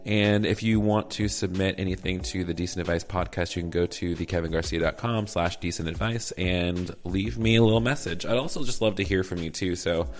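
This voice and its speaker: Man, southern us accent, podcast host, campy, chatty, very low voice. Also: brisk, hardly any pauses. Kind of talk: casual podcast chat.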